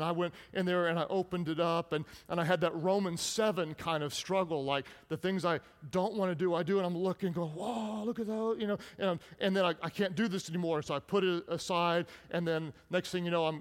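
A man in his thirties, a pastor preaching a sermon, telling a personal story in an earnest way with frequent restarts. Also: fairly high pitch. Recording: long reverb in a large hall.

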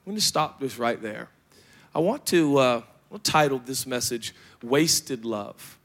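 A young adult man preaching a sermon as pastor, joking and animated, with playful asides to the congregation. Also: medium pitch, moderate pace.

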